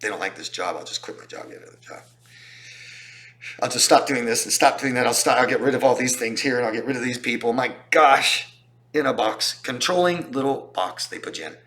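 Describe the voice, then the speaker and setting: A man's voice: medium pitch, lively intonation, a little fast, a bit bright. A man talking as a relationship coach in a casual explanatory style, emphatic and repeating points for stress. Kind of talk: casual explanatory talk to camera.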